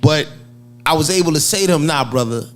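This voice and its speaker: A middle-aged man tells a story on a casual talk show, loud and animated, breaking into laughter and shouts. His voice sits a little high for a man. Soft music runs faintly behind him. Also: brisk. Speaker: co-host. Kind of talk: casual chat.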